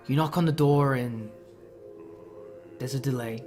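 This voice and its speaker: A man's voice: medium pitch, fairly even intonation, measured pace, a little mellow, soft background music. Man narrating a horror tabletop game. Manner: loose, filler-heavy narration. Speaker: game master.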